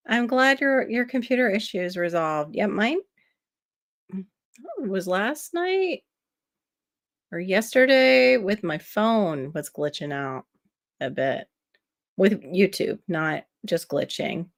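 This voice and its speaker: A woman's voice: mid-range voice, expressive, measured pace, gravelly, dry recording, clean studio sound. A woman from Florida with a noticeably nasal voice hosts a casual livestream. She chats easily and reacts to viewers' comments as she reads them aloud. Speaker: livestream host.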